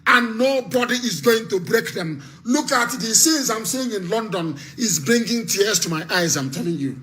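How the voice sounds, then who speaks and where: A man with a Nigerian accent delivers a fiery radio address, hammering the same phrases again and again and barking commands. His voice sits high and comes across bright and tense. He speaks with the urgency of an activist rallying his listeners. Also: lively intonation, normal speed. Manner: fiery and repetitive, barking orders. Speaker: political activist broadcasting on radio.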